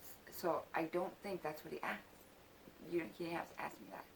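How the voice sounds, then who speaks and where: A woman's voice: low-pitched, fairly even intonation, normal speed, gravelly, a little hiss or hum. Woman in her 40s rambling thru a story, swears a lot, tons of likes and ums. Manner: rambling, lots of fillers and swearing. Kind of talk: casual storytelling.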